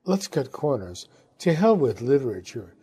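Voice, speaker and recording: A brash, frank young woman, as a male reader puts her on, blunt and teasing in a storybook reading. The voice is warm and mellow with a husky edge. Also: medium pitch, sing-song, moderate pace. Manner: blunt, teasing, a little tipsy.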